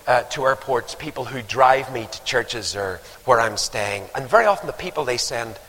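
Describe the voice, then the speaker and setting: Animated preacher in a reverberant church. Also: male voice, mid-range voice, husky. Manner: storytelling, rising to emphatic exhortation. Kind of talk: sermon. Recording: long hall reverb.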